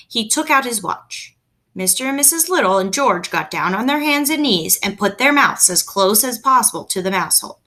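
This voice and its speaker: A woman reading a children's book aloud at home, in a gentle, expressive storytelling manner. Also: a little high, moderate pace. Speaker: reader.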